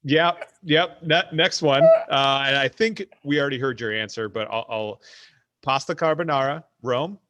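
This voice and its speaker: A man's voice: medium pitch, moderate pace, bright, forceful tone, no room sound, lo-fi sound. A man hosting a podcast, asking questions in a jokey, chatty way. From United States. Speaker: podcast host. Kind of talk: casual interview chat.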